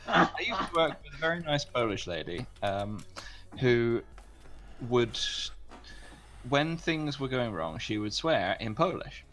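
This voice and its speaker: A man hosting a casual group chat on a voice call, telling a story in a rambling, halting way. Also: medium pitch, very animated, a bit bright.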